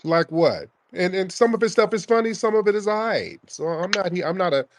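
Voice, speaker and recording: A man's voice: high voice, a little fast, background noise. A man hosting a call-in podcast, arguing with a caller in a combative, mocking way and repeating his questions. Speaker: podcast host taking calls. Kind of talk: heated call-in argument.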